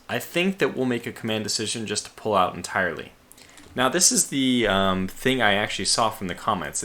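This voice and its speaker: A man's voice: fairly low pitch, sharp tone. A man casually commentating a strategy game he plays, thinking aloud with restarts and sleepy yawns. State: sleepy, yawning. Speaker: let's play host.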